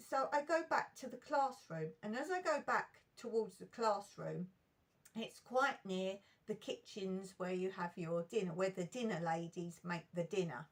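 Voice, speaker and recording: A middle-aged woman recounting school memories in an emotional, animated storytime vlog. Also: a little high.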